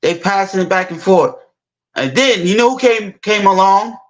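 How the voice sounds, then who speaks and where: A man's voice: sits high, poor audio. A man retelling a movie scene in a casual, rambling way, stopping and restarting his sentences often. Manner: rambling, halting, many restarts and repeats. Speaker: storyteller.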